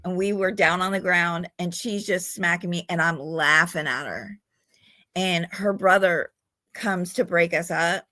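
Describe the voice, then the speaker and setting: Woman, middle-aged, podcast guest, blunt, swears freely, slow talker, dry close sound. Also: lowish voice, sharp tone, no echo. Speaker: guest in recovery. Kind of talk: candid conversational storytelling.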